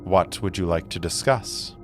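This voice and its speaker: A solemn woman mage who weighs every word and asks short, guarded questions, as a man puts her on in his slow, low voice. Faint music plays beneath the audio drama. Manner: measured, guarded, terse questions.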